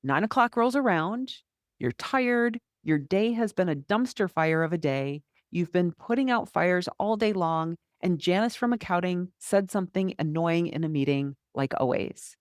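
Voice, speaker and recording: A woman's voice: on the low side, animated, normal speed, no room sound. Candid woman podcasting, dry close sound. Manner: candid, conversational, acts out inner thoughts. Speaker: podcast host and health coach. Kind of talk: solo podcast monologue.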